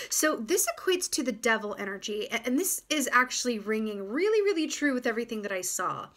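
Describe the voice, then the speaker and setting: A woman giving a casual, gentle tarot reading to her viewers, reflective and full of fillers and restarts. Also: a little high, very animated, a little fast, few pauses. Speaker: tarot reader.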